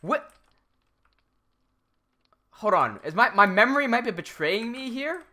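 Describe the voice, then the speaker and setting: Lively, bright-voiced young man streaming. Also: very high voice, a little slow. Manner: rambling, self-interrupting, reads chat aloud. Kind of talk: casual live-stream chat while gaming.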